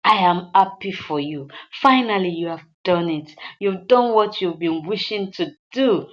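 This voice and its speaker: A woman's voice: lowish voice, lively intonation, unhurried. A woman voicing a gushing, two-faced female friend with effusive, exclamatory congratulations, in a slightly dull lo-fi recording.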